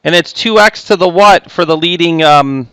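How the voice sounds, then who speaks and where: A man teaching a math lesson, chatty and jokey with quick asides and self-interruptions. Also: on the high side, pushed and bright, clear, resonant tone, no room sound. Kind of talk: recorded classroom lecture.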